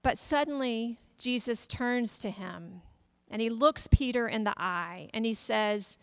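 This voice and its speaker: A woman's voice: on the high side, unhurried, smooth, dry recording. A middle-aged woman pastor giving a sermon in a storytelling manner, acting out the voices in the stories she tells. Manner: storytelling, acts out quoted voices.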